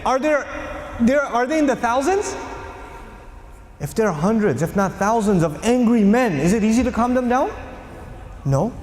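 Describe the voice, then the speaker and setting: A man giving an animated religious lecture. He asks the audience questions and acts out quotes as he tells a story. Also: very high-pitched, normal speed, pauses often, reverberant, long reverb tail.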